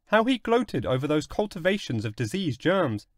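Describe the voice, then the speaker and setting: Guy reading an old short story out loud, really animated and dramatic, slightly high voice. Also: normal speed, no echo, clean studio sound. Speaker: audiobook narrator. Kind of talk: scripted story narration.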